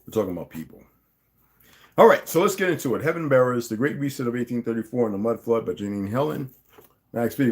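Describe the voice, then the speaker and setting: A man's voice: fairly low pitch, darkish tone. A man hosting a stream, reading a novel aloud in a casual way and often stopping to comment and correct himself.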